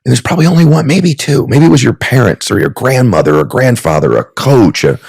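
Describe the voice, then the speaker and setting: A man in his fifties speaks as a podcast guest with a gravelly, slightly husky voice. His pitch swings widely as he tells heartfelt stories in an earnest, sermon-like manner, and the sound is close and dry. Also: animated, fairly quick, darkish tone, no echo. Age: 50s. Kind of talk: heartfelt storytelling.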